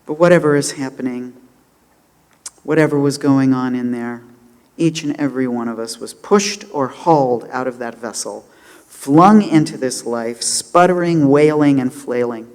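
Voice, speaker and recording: A man giving a sermon, impassioned and dramatic, swinging between loud declarations and hushed moments. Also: mid-range voice, normal speed, clean tone, long reverb tail. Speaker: rabbi giving a holiday sermon.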